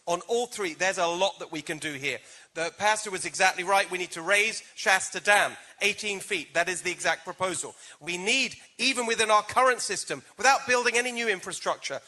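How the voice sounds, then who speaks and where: A man's voice: high voice, fairly quick, bright, forceful tone. A man with a British accent answering a debate question as a political candidate, with emphatic stump-speech delivery.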